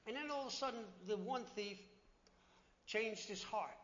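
Male preacher, high and bright-toned, animated sermon delivery, slightly muffled recording. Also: normal speed. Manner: animated, plainspoken preaching, dropping low and quiet for solemn points. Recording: slightly dull recording with faint noise.

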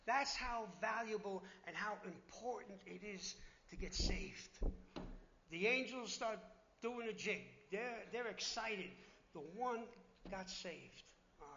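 Bright-voiced, animated male preacher. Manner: animated, plainspoken preaching, dropping low and quiet for solemn points. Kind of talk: sermon. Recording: slightly dull recording with faint noise.

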